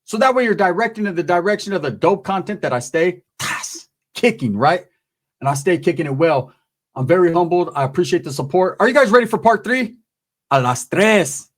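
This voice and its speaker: Male storyteller host with a high voice, casual slang, animated, acts out the people in his story. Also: a little fast.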